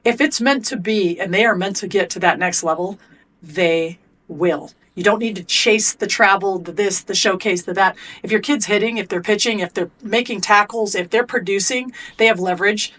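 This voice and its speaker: Middle-aged woman, emphatic coach guest on a podcast, average pitch. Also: fairly bright tone. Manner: emphatic, storytelling. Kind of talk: podcast interview.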